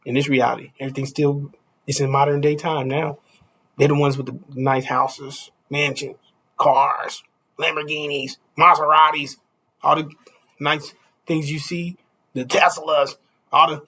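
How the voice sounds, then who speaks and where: A man's voice: on the high side, little pitch movement, measured pace, sharp tone, breathy edge. A man preaching a casual street sermon, stopping often to ask "you see?" and chuckling between points.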